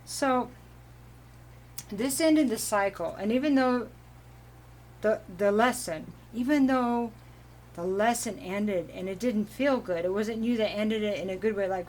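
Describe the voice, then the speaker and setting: A woman's voice: medium pitch, measured pace, a little mellow, slight background noise. Chatty woman giving a tarot reading. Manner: chatty, giggly, meandering. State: allergies, clearing throat. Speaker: tarot reader. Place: home.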